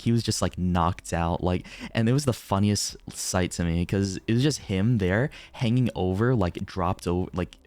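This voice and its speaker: A young man on a stream tells a story in casual chat, animated, laughing often and swearing casually. His voice is lowish, with no echo.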